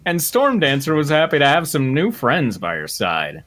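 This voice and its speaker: A playful man narrates fan fiction on a live stream, his pitch rising and falling widely. He laughs easily and breaks off for banter between lines. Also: huge pitch swings, normal speed, a bit bright. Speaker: narrator and host.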